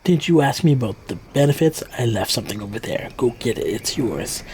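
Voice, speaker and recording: An actor playing an old male challenger master in a video game, measured and gently taunting. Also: mid-range voice, lively intonation, a little hiss or hum, close to an everyday voice. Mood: amused. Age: older. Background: game music.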